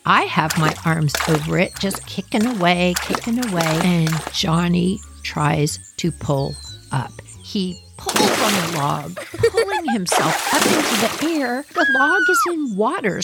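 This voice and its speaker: A woman's voice: medium pitch, background noise. A woman hosting a podcast, retelling a childhood story in a dramatic way with asides to her listeners. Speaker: podcast host. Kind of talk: personal storytelling.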